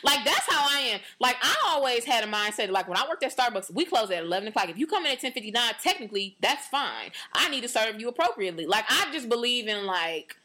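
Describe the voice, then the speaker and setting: A young woman from the US chats on a podcast with a bright, animated voice that swings up and down as she acts out other people's lines. Her talk is loose and filler-heavy, full of "like" and "you know." She tells stories with energy. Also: fairly high pitch, quick pace, few pauses. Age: young adult. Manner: animated storytelling, acts out quotes in varied voices. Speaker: podcast co-host. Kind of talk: casual chat.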